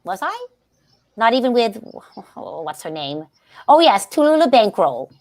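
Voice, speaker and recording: A woman's voice: on the high side, sing-song, a little slow, darkish tone. A woman giving a staged play reading as a scatterbrained, grandly theatrical aging stage actress who giggles often.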